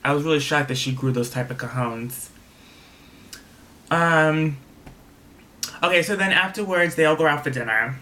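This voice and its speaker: A man's voice: a little high, moderate pace, long pauses, bright, forceful tone. A man casually recapping a reality TV episode, candid and opinionated, swearing freely and repeating himself for emphasis.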